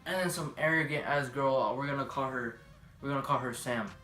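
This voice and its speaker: A man's voice: mid-range voice, brisk, reverberant, soft background music. Young man telling a crude story. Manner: profane, animated, acts out every voice.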